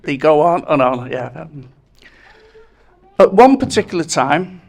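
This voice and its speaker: A man's voice: on the high side, expressive, unhurried, creaky, a little mellow. A man giving a wedding speech, telling anecdotes and chuckling at his own jokes. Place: wedding reception.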